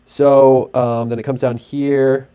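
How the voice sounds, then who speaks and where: A man narrating casually over his screen as host, talking in an excitable, rambling way with lots of fillers. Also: mid-range voice, slow, clear, resonant tone. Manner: acts out sound effects and his own thoughts.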